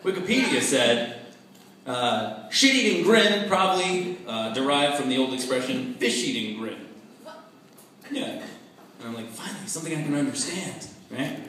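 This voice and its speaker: A man doing a stand-up comedy set, deadpan with laughing asides, on a club stage. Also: mid-range voice, moderate pace, a little hiss or hum. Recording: echoey club with crowd laughter. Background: audience laughing.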